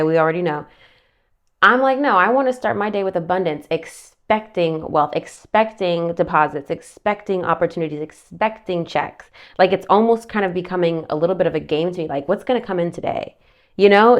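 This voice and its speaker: Woman tarot reader, lowish voice, chatty asides, a bit breathless, casual vlog. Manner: chatty, rambling, self-interrupting with asides. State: slightly out of breath.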